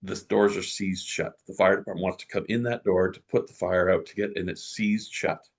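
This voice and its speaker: A middle-aged man telling a story as a guest in an interview, lively and full of restarts. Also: sits low, a little fast. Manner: animated storyteller, many restarts.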